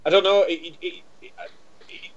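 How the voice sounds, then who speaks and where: A man's voice: high-pitched, steady tone, moderate pace. A man, co-hosting a podcast in casual chat, rambling and repeating himself as he tells a story. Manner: rambling, stumbles and repeats words. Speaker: podcast co-host. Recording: dull lo-fi sound.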